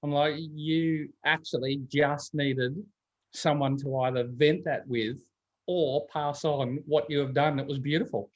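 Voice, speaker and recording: A man's voice: fairly high pitch, steady tone, measured pace, dull audio. A man in casual chat, telling stories and acting out the voices of people he quotes. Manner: chatty storyteller, acts out quoted voices. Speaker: guest.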